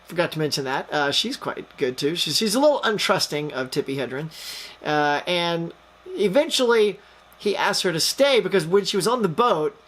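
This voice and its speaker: A man's voice: on the high side, big pitch swings, moderate pace, a bit bright. A man reviewing a film, retelling the plot in a chatty, rambling way, full of fillers and jokey asides. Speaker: movie reviewer.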